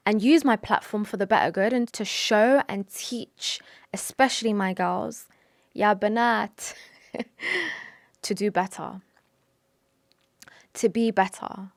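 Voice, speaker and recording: A woman's voice: a little high, takes it slowly, pauses often, no room sound, studio quality. A young woman talking to camera about her faith, earnest and emotional, with sighs, restarts and Arabic religious phrases mixed in. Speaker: vlogger. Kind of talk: personal confessional talk to camera.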